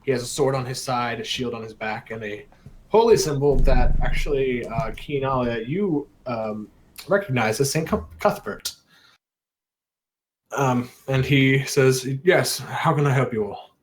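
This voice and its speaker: A man's voice: mid-range voice, a little slow, poor audio. A man narrating as game master for a tabletop game in a loose, hesitant way full of fillers.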